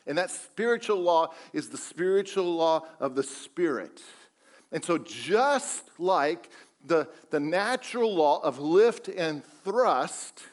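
A man preaching a sermon as pastor, emphatic, repeating phrases and asking the congregation rhetorical questions. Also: sits high.

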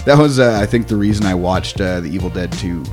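A man's voice: deep voice, fairly quick, over music. A man hosting a podcast, trading loose, profane banter with his friends in a laid-back, mumbling way. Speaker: podcast host.

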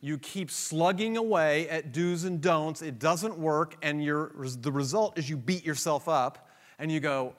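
A man preaching a sermon, moving between quiet, slow asides and loud, emphatic questions to the congregation. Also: fairly high pitch. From United States. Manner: acts out dialogue and inner thoughts, laughs often.

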